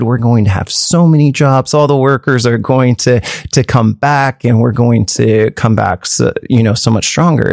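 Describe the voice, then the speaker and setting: A man's voice: mid-range voice, gravelly, darkish tone, no echo, studio quality. A man, a program manager, explaining things earnestly, often restarting his sentences. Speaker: workforce program manager, guest. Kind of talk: conversational interview.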